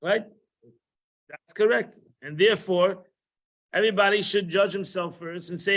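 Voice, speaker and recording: This Torah class teacher has a high, somewhat bright voice, speaks at a normal speed and pauses often. His informal lesson is conversational and repetitive, dotted with Hebrew and Yiddish words, and the live-stream audio is muffled.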